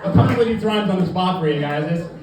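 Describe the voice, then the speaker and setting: A man's voice: high-pitched, lively intonation, fast. A man doing a live stand-up comedy set, goofy and rambling, with many restarts and self-deprecating asides. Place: comedy club stage with live audience. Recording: echoey club from far off with audience. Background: crowd laughter.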